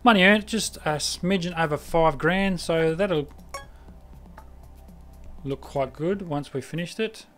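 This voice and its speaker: A man's voice: on the high side, slow, long pauses, a bit bright, faint music behind. Chatty Australian man streaming a game. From South Australia. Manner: rambling, chatty, loses his train of thought. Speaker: live streamer. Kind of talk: casual gameplay commentary.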